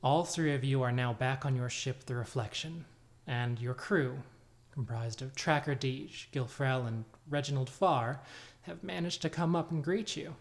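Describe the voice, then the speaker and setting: A man narrating as game master of a tabletop game, describing scenes in a relaxed storytelling way. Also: mid-range voice, unhurried.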